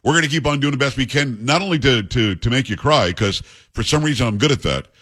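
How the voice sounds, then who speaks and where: A man's voice: medium pitch, animated, fairly bright tone, slightly rough. A man hosting a talk radio call-in show, blunt and opinionated, speaking into a studio microphone. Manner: blunt, opinionated, rapid asides.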